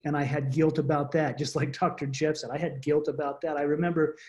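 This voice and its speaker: A man telling a personal story to a support group, earnest and halting, often restarting his words over a video call. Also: fairly high pitch, flat delivery, darkish tone, lo-fi sound. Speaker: guest speaker.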